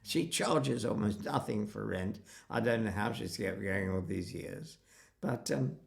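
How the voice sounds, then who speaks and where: Gravelly older man telling stories. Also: fairly low pitch, measured pace. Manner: animated storyteller acting out quotes. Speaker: interviewee. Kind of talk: reminiscing conversation.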